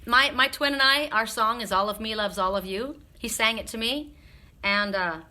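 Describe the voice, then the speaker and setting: Bright-voiced, frank woman reader chatting. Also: on the high side, moderate pace. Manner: frank and chatty, swears freely, laughs often. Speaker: live-stream spiritual reader. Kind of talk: casual live-stream chat with viewers.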